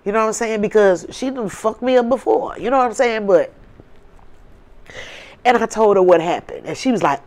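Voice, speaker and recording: A woman's voice: medium pitch, normal speed, long pauses, darkish tone. A woman host telling a personal story in a candid, blunt way, often tagging lines with "you know what I'm saying.". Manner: blunt, profane and conversational. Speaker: advice channel host.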